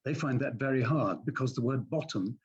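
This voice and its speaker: An older man, an actor and audiobook narrator, explaining reading technique in a measured, explanatory way. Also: mid-range voice, dull audio. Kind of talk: conversational teaching.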